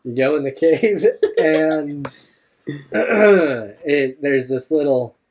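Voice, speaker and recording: A man's voice: fairly high pitch, expressive, extremely slow, darkish tone, a little hiss or hum. A male co-host in casual chat, playfully walking a guest through an imagined adventure. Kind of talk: casual chat, narrating a made-up scenario. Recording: dull lo-fi sound.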